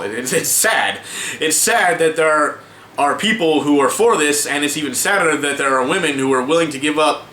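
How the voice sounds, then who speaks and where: A man vents to camera in a loose, stop-start rant full of swearing and restarts. His voice is bright and forceful. The room is echoey, with faint ambient noise behind him. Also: on the high side. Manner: exasperated, swearing, many restarts and filler words. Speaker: vlogger. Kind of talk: casual ranting commentary to camera.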